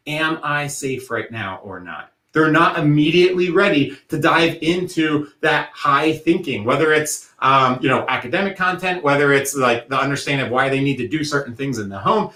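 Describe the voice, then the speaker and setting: Guy presenting a workshop, kinda high voice, echoey room, explains stuff with analogies. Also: a bit bright. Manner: explanatory, uses vivid analogies. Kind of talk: educational talk.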